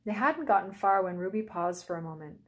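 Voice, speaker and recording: A woman teacher reading a children's storybook aloud, in a clear, gentle storytelling way. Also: on the low side, animated, brisk.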